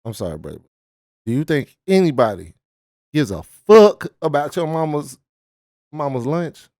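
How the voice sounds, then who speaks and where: A man reacts to a video in loose, profane street slang, heckling and mock-lecturing the people on screen. His voice sits high and swings wildly up and down, and the sound is close and dry with no room around it. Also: very animated, moderate pace, darkish tone, dry recording. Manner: dialect-heavy casual slang. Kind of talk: casual reaction commentary.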